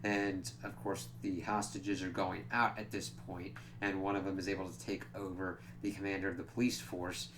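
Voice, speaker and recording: Male comic reviewer, casual and animated, slightly low voice, light background hum. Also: normal speed, few pauses. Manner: animated retelling, acts out characters' lines, frequent "like".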